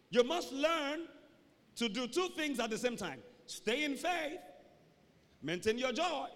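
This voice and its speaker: A male pastor preaching a call-and-response sermon, swinging between loud emphatic calls and low asides. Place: church sanctuary. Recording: reverberant church hall, faint noise.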